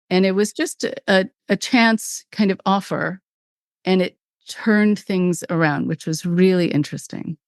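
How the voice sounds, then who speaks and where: Woman podcast host, middle-aged, lower voice, talks in quick bursts, very dry recording. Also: smooth, dry recording. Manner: warm storytelling, emotional, quick bursts. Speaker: podcast host and cult-recovery therapist. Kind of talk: podcast storytelling conversation.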